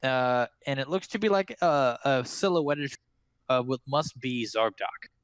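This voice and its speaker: A man's voice: medium pitch, a little slow, clear, resonant tone, no room sound. Guy running a tabletop game, loose narration w lots of uhs, dry close sound. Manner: casual, filler-heavy narration. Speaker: game master.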